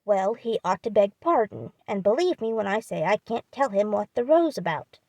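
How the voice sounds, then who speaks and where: A woman's voice: medium pitch, big pitch swings, moderate pace, mellow, no echo. A woman reading an audiobook, voicing a proud, hot-tempered young man who is sulking and indignant. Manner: indignant, defiant.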